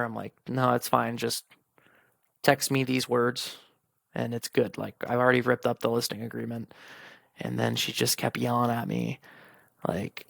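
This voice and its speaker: A man's voice: medium pitch, level tone, moderate pace, creaky, fairly bright tone, dry recording. A young man hosting a podcast, frankly telling a personal story, swearing freely and acting out the conversations. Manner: frank and profane, retelling conversations. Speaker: podcast host.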